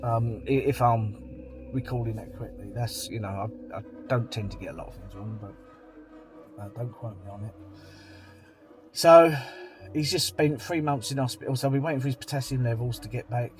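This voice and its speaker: A man's voice: mid-range voice, moderate pace, faint music behind. A man, talking to camera in a rambling, blunt, plain-spoken vlog monologue. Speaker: vlogger.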